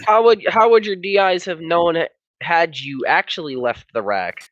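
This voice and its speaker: A high-voiced man who steers the talk with teasing, prodding questions. His voice sounds close and dry. It's a casual chat among friends. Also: normal speed, a bit bright, no room sound, highs cut off. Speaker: interviewer asking the questions.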